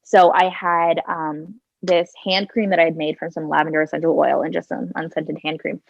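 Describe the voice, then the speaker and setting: Speaking into a handheld phone, a podcast guest in her twenties tells a chatty personal story, acting out her own thoughts and relying on "like" and "kinda." Her low voice has vocal fry and little pitch movement, at a moderate pace. The sound is lo-fi.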